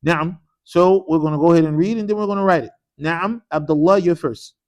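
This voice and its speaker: Here a man with a fairly high, brisk voice teaches Arabic in a mosque classroom. His students answer in call-and-response drills while he quizzes them again and again with "what?" and switches between English and short Arabic phrases.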